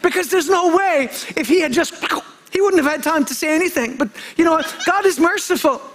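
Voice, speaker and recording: A man's voice: very high-pitched, fairly quick, fairly bright tone, slight background noise. A male preacher giving a fervent sermon, calling out for amens and often repeating himself and restarting his sentences. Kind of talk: impassioned sermon.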